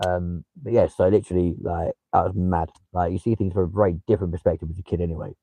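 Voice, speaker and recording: Young london guy on a livestream, low mellow voice, dry close sound, swears a lot. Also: steady tone, fast talker, vocal fry, no echo, poor audio. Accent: London English. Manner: chatty, swears casually, talks to viewers by name. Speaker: livestream host. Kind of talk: casual livestream chat.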